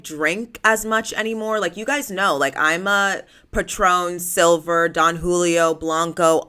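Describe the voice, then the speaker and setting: A woman's voice: fairly low pitch, pushed and bright. A woman in her late twenties hosting a casual solo podcast, chatty and self-mocking, with dramatic swings and plenty of "like". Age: late 20s. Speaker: podcast host.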